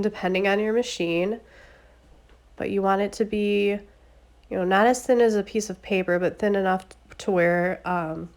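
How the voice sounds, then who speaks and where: A woman with a stuffy, congested voice from a cold, giving a relaxed, chatty craft tutorial with step-by-step explanations. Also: medium pitch, clean tone. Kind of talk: casual step-by-step tutorial narration.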